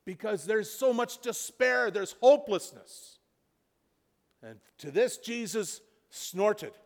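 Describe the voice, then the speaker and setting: A man preaching a sermon, retelling a story, dropping to a hush and then building to loud emphasis. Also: sits high, animated, slow, gravelly. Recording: reverberant hall.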